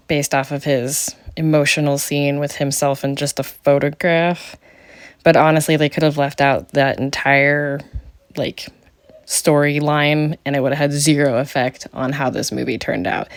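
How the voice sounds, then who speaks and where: A middle-aged woman hosting a podcast, recapping a bad movie with snarky, mocking commentary and sudden high jumps for the jokes. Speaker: podcast host.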